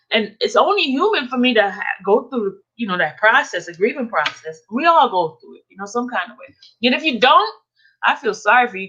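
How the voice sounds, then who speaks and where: Tearful woman streamer, halting and repetitive, muffled low-fi sound. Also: fairly bright tone. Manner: tearful, halting, repeats herself. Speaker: vlogger hosting a live stream. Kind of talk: emotional live-stream talk to viewers.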